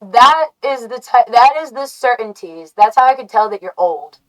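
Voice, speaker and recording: An American woman hosting a livestream, chatting to her viewers in a rambling, halting way that keeps correcting itself and breaks into giggles. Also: fairly high pitch, animated, poor audio. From United States. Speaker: livestream host. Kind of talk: casual stream chat to viewers.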